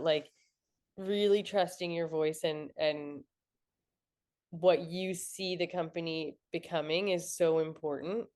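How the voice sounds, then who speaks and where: A woman's voice: low-pitched, darkish tone. A young woman entrepreneur talking through lessons in a casual interview, reflective and peppered with "like". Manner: reflective, frequent "like" fillers. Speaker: entrepreneur guest.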